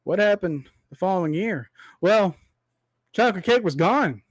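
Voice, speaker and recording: High-voiced young man ranting to viewers. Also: lively intonation, husky, no room sound. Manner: preachy, repetitive rhetorical asides, drawn-out extended metaphor. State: voice tiring from long talk. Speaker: livestream host.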